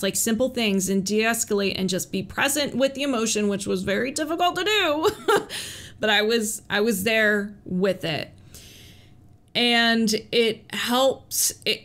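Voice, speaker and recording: A woman who works as a police officer, talking candidly about recovery, earnest, with laughs between thoughts and calming phrases she repeats. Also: a little high. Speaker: police officer sharing her recovery story. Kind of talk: personal advice vlog.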